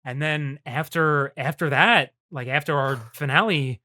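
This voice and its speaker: A co-host leading a casual podcast chat in a relaxed way, swearing freely and laughing often. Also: mid-range voice, unhurried.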